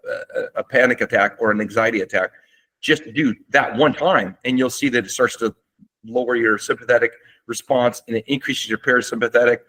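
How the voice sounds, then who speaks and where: Man teaching calmly in a webinar. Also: medium pitch. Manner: relaxed explanatory, with fillers and restarts. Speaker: doctor presenting a webinar. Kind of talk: webinar lecture. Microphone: seated at a desk.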